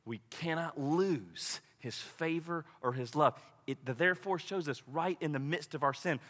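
A male pastor preaching a sermon in a lively, conversational way, acting out quoted voices along the way. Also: on the high side, moderate pace, long reverb tail.

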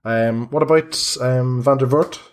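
A man's voice: mid-range voice, a little slow. A man narrating as game master of a tabletop game, hesitant and full of restarts. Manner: hesitant, many fillers and restarts.

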